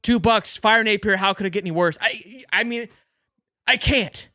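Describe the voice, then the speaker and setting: A man's voice: high voice, normal speed, sharp tone, no room sound, studio quality. A young man hosting a live sports stream, ranting in an exasperated, sarcastic way while reading viewer comments. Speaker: sports show host. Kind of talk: live-stream halftime rant reading super chats.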